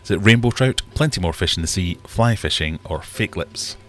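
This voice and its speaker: A man's voice: sits low, expressive, normal speed, fairly bright tone, soft background music. A man hosting a casual live-stream quiz, chatty and joking as he reads out the questions. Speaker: livestream quiz host.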